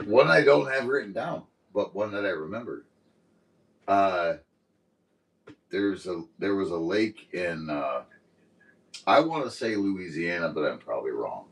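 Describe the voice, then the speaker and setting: Deep-voiced laid-back podcast man. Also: lively intonation, measured pace, creaky, long pauses, a bit bright, distant mic, poor audio. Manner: laid-back, short replies, swears casually. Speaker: podcast co-host. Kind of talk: casual chat.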